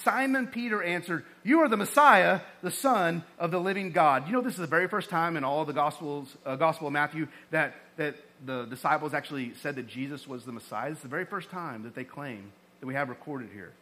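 Pastor, male, high bright voice, conversational sermon delivery with lively emphasis. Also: fairly quick, few pauses. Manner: conversational preaching, animated emphasis.

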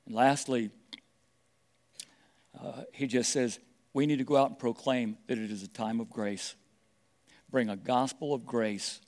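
A man's voice: medium pitch, a little mellow. A middle-aged man preaching a sermon, stressing his points and repeating key phrases. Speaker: pastor.

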